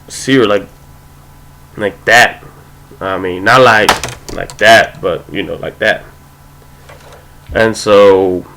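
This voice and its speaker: A man's voice: fairly low pitch, a bit bright, poor audio. A young man casually telling a rambling, profane story, full of "like" and "you know".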